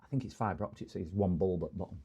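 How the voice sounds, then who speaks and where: A man's voice: deep voice, fast, slightly rough. A middle-aged English man hosting a repair livestream, chatting casually and joking with viewers, rambling between topics. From England. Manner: rambling, jokey, greets chat warmly with bursts of loud hellos.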